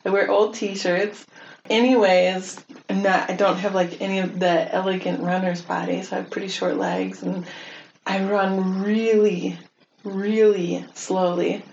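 A woman's voice: mid-range voice, level tone, normal speed, gravelly, a little hiss or hum. A middle-aged woman hosting a podcast, talking casually in a chatty, self-deprecating way and laughing often. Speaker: podcast host. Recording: slightly dull lo-fi audio.

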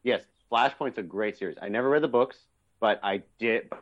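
On a dull, lo-fi podcast recording, a young co-host chats casually and with enthusiasm, wandering off track and packing his speech with fillers. He has a lowish voice and keeps a moderate pace.

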